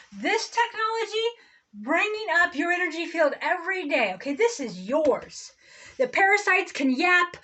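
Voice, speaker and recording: High-voiced woman on a spiritual ramble. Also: bright, forceful tone. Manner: rambling, blunt, swearing, acts out quoted people. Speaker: spiritual vlogger.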